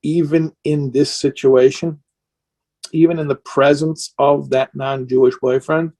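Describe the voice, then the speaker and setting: A man's voice: fairly high pitch, little pitch movement, measured pace, a little mellow. A man speaking as a rabbi in an impassioned question-and-answer talk, earnest and emotional, sounding tired and worn down.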